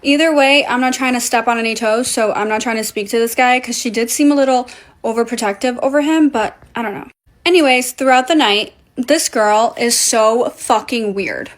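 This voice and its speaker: A young woman whose first language is Portuguese, telling a casual story in a blunt, profane, animated way. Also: a little high, moderate pace.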